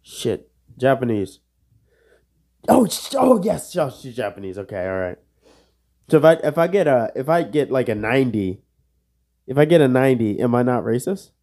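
A man's voice: mid-range voice, lively intonation, fairly quick, dark tone. A young man hosting a casual solo podcast, joking and self-mocking, swearing under his breath while he plays a quiz. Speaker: podcast host.

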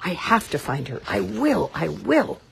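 A woman's voice: lowish voice, big pitch swings, unhurried, gravelly, slight background noise, pitched above the performer's own voice, heavily acted. A woman voicing an eager little baby bird boy searching for his mother, with a pleading, wide-eyed, earnest manner.

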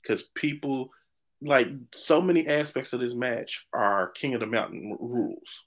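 A man co-hosting a podcast in casual chat, animated and opinionated, often restarting his sentences. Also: mid-range voice, normal speed. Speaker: podcast co-host.

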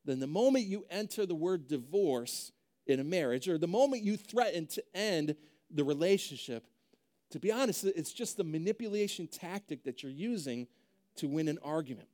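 A man's voice: on the high side, lively intonation, normal speed, warm tone. A young adult male pastor preaching a sermon in a conversational way, often checking in with "right?".

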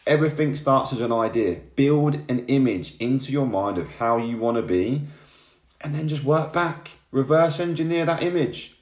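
A man's voice: mid-range voice, moderate pace, a little mellow. Guy hyping up his viewers, keeps saying yeah and right, echoey room. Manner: fired-up, preachy, keeps tagging lines with "yeah?" and "right?". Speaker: motivational vlogger. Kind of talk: motivational monologue to camera.

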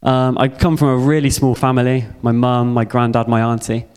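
A man's voice: mid-range voice, level tone, moderate pace, a little mellow, clean tone. Earnest young man preaching. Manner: earnest and heartfelt, with repeated phrases. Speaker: youth speaker. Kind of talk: personal testimony sermon.

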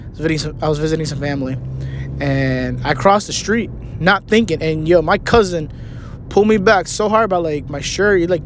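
A man telling a rambling, profane, joking story while sitting in his car. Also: on the high side. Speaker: vlogger. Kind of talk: casual storytelling rant. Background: car engine noise.

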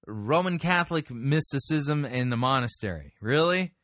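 A man's voice: mid-range voice, normal speed, a bit bright, dry recording, studio quality. A man hosting a commentary show, bluntly and skeptically rebutting a sermon. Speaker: podcast host and critic. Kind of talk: critical commentary on a sermon clip.

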